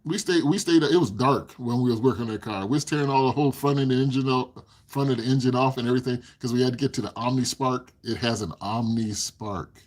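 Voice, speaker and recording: Husky older man chatting on a livestream. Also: medium pitch, quick pace. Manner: rambling storyteller, laughs often. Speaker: livestream host. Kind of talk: casual livestream chat.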